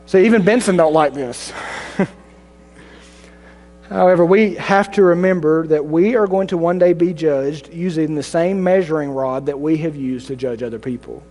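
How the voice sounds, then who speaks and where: A high-voiced man preaches in a church sanctuary, his words trailing off into a long hall reverb. He dramatizes the congregation with mocking, raised voices, then drops low and solemn for the reply. Between points he jokes about himself. A faint mains hum sits underneath. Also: mellow. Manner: self-deprecating humor with laughs. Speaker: pastor. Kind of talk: sermon.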